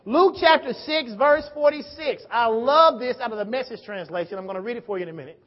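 A man preaching a sermon, telling a story and calling out to the congregation, swinging between hushed and loud. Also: very high-pitched, animated, brisk, slightly rough. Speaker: pastor. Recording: dull sound with long hall reverb.

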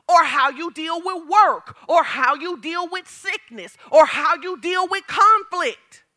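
A woman pastor preaching a sermon, telling stories and acting out quotes with big jumps in her voice. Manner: animated storytelling, acts out quotes with big pitch jumps.

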